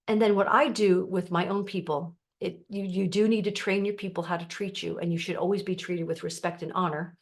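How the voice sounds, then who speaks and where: A middle-aged woman, a life coach, talks straight to her viewers in a calm, explaining way. Her voice sits a little low, and now and then she briefly acts out the people she quotes. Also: fairly quick, few pauses. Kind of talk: teaching to camera.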